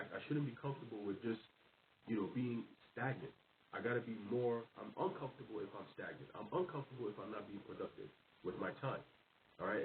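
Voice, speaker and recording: A man's voice: fairly low pitch, distant mic. A man giving an informal sermon in casual street slang, mixing scripture readings with his own story. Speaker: preacher. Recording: faint hiss, tinny phone-like sound from off mic.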